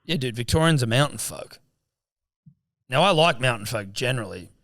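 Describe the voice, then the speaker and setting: A man's voice: medium pitch, animated, normal speed, fairly bright tone, no room sound. A man with an Australian accent co-hosting a podcast, blunt and jokey in crude casual banter. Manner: blunt, jokey, swears freely. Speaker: podcast co-host.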